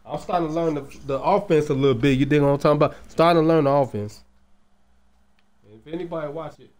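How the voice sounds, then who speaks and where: A man giving loose, slangy, excitable commentary over a basketball video game, peppering his talk with casual fillers. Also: a little high, quick pace, echoey room. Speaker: gaming commentator.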